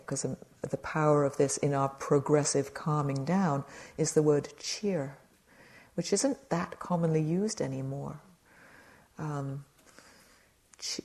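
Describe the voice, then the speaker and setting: A woman meditation teacher giving a gentle, conversational dharma talk at a retreat, speaking to a live audience with light humor. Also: sits low.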